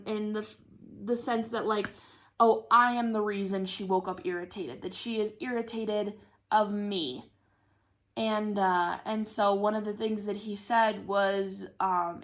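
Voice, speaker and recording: A woman's voice: mid-range voice, a bit bright. A young woman chatting casually about her week while crafting, rambling with lots of fillers and frequent laughs. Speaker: craft vlogger.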